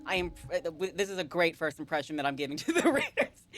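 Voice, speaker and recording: A woman's voice: low voice, very animated, a little fast, a bit bright, no echo. A woman livestreaming a game in a casual, chatty way, giggling often and reading dialogue aloud. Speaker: streamer. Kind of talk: casual live game stream.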